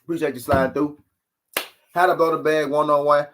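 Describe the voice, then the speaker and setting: A fairly high-voiced man hosting a boxing talk stream. He rants in an animated, mocking way, full of cursing and rhetorical asides to the viewers. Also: fairly quick, slight background noise. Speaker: boxing talk show host. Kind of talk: live-streamed sports commentary rant.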